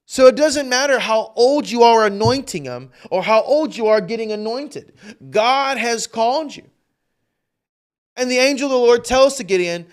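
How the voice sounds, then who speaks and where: A man's voice: extremely high pitch, animated, moderate pace. A male pastor preaching a livestreamed sermon with fervent intensity, repeating phrases for emphasis.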